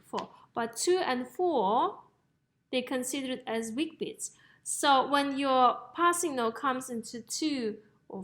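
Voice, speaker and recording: A woman's voice: high voice, fairly bright tone. A woman teaching a music theory lesson, explaining step by step and checking in with "okay?" and "yes?". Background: piano notes played between phrases.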